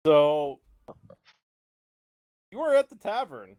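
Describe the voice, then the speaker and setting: A man's voice: on the high side, sing-song, slow pace, darkish tone. Casual man running a tabletop game. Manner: casual, rambling with fillers and restarts. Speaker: game master.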